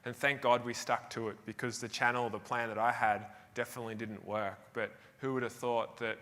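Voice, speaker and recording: Australian man, bright forceful voice, keynote storytelling, long hall reverb. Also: medium pitch, flat delivery, brisk. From Tasmania, Australia. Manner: anecdotal, self-deprecating, laughs between phrases. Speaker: keynote speaker. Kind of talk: motivational stage talk, storytelling. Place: large hall on stage.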